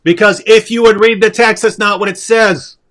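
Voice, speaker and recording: A man's voice: sits high, fairly even intonation, normal speed, a bit bright. A man co-hosting a religious debate show, sounding exasperated and incredulous. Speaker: co-host. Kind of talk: heated apologetics discussion.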